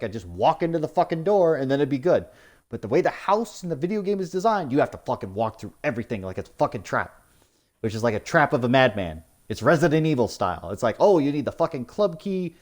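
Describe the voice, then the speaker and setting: A young man ranting in post-game commentary, swearing often and mocking the story with sarcastic put-on quotes. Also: fairly high pitch. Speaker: gaming YouTuber.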